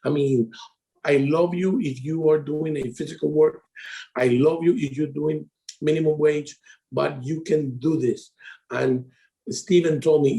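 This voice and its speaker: A middle-aged man with a Latino accent telling his story on a call, animated and in broken English. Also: a little high, unhurried. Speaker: insurance advisor. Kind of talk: casual call talk.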